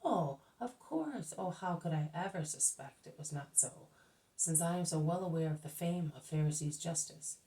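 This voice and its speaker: A mocking innkeeper parodies pompous men in a raised, drawn-out voice, as a woman reading a storybook aloud puts him on. The sarcasm is heavy and exaggerated, recorded from a distance. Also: deep voice, animated, mellow, echoey room. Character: innkeeper mockingly mimicking Pharisees.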